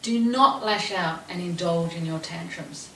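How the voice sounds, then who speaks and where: A woman's voice: on the low side, unhurried, a bit bright. A middle-aged woman talking to camera as an advice host, earnest and emphatic, repeating phrases for stress. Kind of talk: direct-to-camera advice talk. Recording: roomy echo, distant mic, faint ambient noise.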